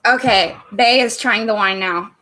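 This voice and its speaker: A woman's voice: on the high side, measured pace, bright, forceful tone. A woman hosting a casual livestream from a room at home, chatty and bubbly, laughing often between thoughts. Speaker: livestream host.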